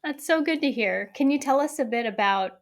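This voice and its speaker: A woman's voice: high-pitched, expressive, a little fast. A woman hosting a podcast interview, curious and encouraging as she asks her questions. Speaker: podcast host.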